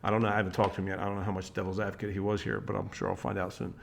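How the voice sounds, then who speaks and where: A man's voice: low-pitched, monotone, very fast, creaky, slight background noise. A man speaking in a casual, rambling monologue as a motivational speaker, often restarting sentences and switching into quoted voices. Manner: rambling, with frequent restarts and "like" fillers.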